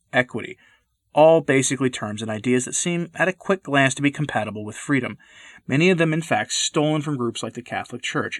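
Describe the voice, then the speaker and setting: A man giving earnest, measured scripted commentary, stressing key words as he reads. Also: mid-range voice, fairly bright tone, no room sound.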